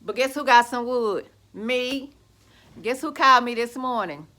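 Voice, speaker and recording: A woman's voice: a little high, measured pace, sharp tone. A woman, talking to her viewers from home in a sassy, gloating, casual vlog rant. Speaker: vlogger. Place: at home, indoors.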